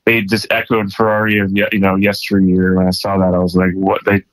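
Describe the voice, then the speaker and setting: A man's voice: deep voice, completely flat delivery, a little fast, no room sound, poor audio. A man co-hosting a casual motor racing podcast, talking in a laid-back, profane way full of fillers. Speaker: podcast co-host. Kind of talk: casual sports podcast chat.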